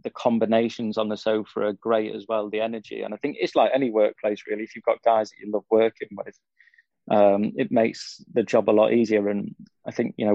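A young Englishman chats in a gravelly, flat, low voice, rambling easily with lots of fillers. The sound is dull and lo-fi, and the room is dry with little echo. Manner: easygoing, rambling, frequent fillers. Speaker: cycling pundit guest. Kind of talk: casual interview chat.

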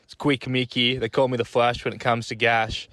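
An Australian man calls in with a crude joke in a laid-back, unhurried way. He swears every few words. His voice sits at a middle pitch, and the sound is dry and close. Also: level tone, fairly bright tone, no room sound. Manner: swears constantly, laid-back yarn-spinning. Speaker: caller. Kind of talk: crude casual joke-telling voice message.

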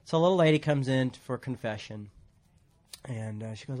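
A man's voice: medium pitch, moderate pace, darkish tone. A man preaching a casual, rambling sermon in a church, joking at his own expense and laughing often. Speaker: pastor.

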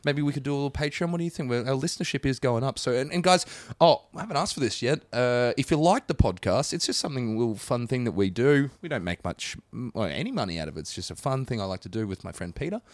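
A man's voice: medium pitch, quick pace, dry recording. A man with an Australian accent co-hosting a podcast, joking crudely and swearing in casual banter. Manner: lively, joking, swears freely. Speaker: podcast co-host.

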